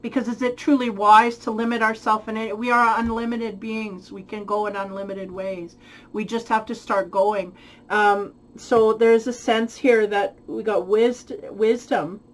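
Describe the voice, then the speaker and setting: A woman with a mid-range voice talks through a spiritual tarot reading. She thinks aloud, pauses to find the right words and laughs lightly at herself now and then. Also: medium pitch, steady tone, low-quality recording. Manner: thoughtful, searching for words, frequent light laughs. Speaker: tarot reader.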